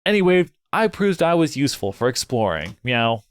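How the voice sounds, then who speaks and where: A man's voice: medium pitch, big pitch swings, normal speed, a little hiss or hum, close to an everyday voice. A man voicing a small, cheerful girl from a game who tags her lines with a meow, in a raised, sweet voice. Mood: chirpy.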